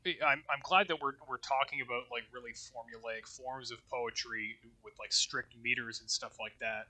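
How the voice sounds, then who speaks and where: Male co-host with a bright, sharp timbre; loose, rambling conversational delivery. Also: medium pitch. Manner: loose and rambling, with restarts and swearing. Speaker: podcast co-host. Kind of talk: casual discussion of poetry.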